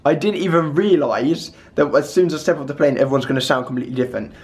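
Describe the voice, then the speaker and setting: A young man in his twenties vlogging from a hotel room, tired but chatty and excitable, rambling to the camera. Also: fairly high pitch, fast talker. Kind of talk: casual vlog chat.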